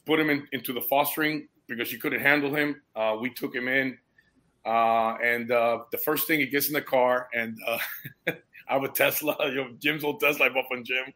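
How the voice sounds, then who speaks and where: A man appearing as a guest, who is a foster parent, tells a story in lively, casual conversation, tossing out "dude" and "bro" and becoming emotionally moved. His voice sits at a medium pitch and moves at a moderate pace.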